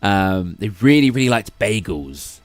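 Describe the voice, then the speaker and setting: A young man with a British accent chatting loosely on a late-night stream, his pitch bouncing lively up and down. He rambles through fillers and restarts, reading viewers' messages aloud, with faint music playing behind him. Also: measured pace, no echo.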